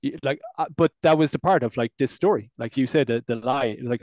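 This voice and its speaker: A man's voice: medium pitch, fast, hardly any pauses, a little mellow, no room sound, clean studio sound. A man hosting a podcast, talking earnestly and reflectively, swearing casually. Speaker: podcast host and men's coach. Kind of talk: reflective interview conversation.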